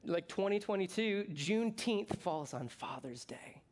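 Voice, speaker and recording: This middle-aged pastor from the United States has a high-pitched voice and takes his time through the sermon. He's jokey and conversational, with sudden bursts of enthusiasm.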